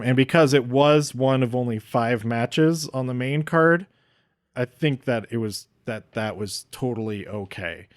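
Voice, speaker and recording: A man's voice: mid-range voice, dry recording, clean studio sound. A man talking through a wrestling show in a casual, rambling review, often restarting sentences and getting openly emotional.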